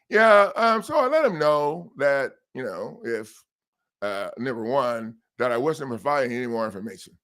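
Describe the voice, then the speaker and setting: A man's voice: fairly high pitch, gravelly. A man hosting a livestream, casually telling a story and acting out the people he quotes. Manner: animated, laughing storyteller who acts out quotes. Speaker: livestream host.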